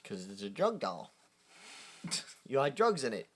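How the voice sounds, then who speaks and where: A man's voice: mid-range voice, huge pitch swings, unhurried. A man co-hosting a podcast who chimes in with short, dry wisecracks during a movie recap. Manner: dry wisecracks and short quips, laughing along. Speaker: podcast co-host. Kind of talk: casual movie recap chat.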